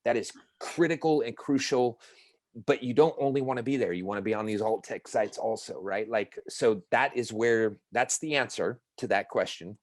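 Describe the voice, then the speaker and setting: A man's voice: medium pitch, moderate pace, no room sound. A man in casual podcast chat, talking in an emphatic, profane, ranting way.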